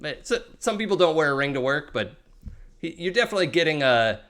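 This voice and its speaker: A man's voice: on the high side, sing-song, fast, fairly bright tone. Rambling game master man. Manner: rambling, many fillers and restarts. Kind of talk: narrating a tabletop role-playing game.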